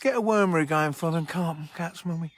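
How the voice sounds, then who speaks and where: A man's voice: fairly high pitch, fairly quick, slight background noise. A man hosting a casual outdoor livestream by a fishing lake, rambling bluntly and chatting with viewers. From England. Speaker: livestream host. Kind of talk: casual livestream chat reading viewer comments.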